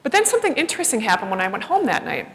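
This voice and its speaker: A woman delivers a personal story from a stage as a keynote speaker, with a voice a little higher than most. She tells it in an animated, self-deprecating way and acts out the voices of the people she quotes. A long reverb from a large hall trails her words. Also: racing, a little hiss or hum.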